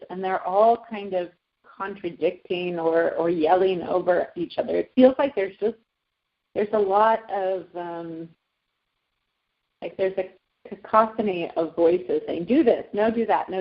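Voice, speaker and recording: A woman with a gravelly edge to her voice talks through her feelings in a tapping session and echoes each phrase back. Her pitch sits in the middle. The sound is dull and lo-fi. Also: lively intonation, measured pace. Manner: reflective, laughs lightly, repeats phrases back. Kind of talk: candid conversation.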